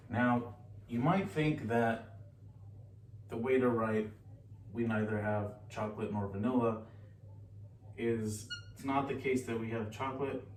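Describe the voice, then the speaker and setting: A man giving a relaxed, chatty recorded lesson, often pausing and correcting himself. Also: medium pitch. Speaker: teacher. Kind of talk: casual recorded lecture. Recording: echoey room, distant mic, faint hiss.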